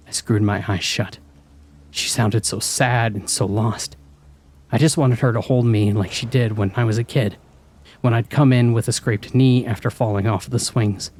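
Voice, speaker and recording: A man with a low voice narrating a scripted horror story. He reads in a measured, hushed way and paces the tension. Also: steady tone.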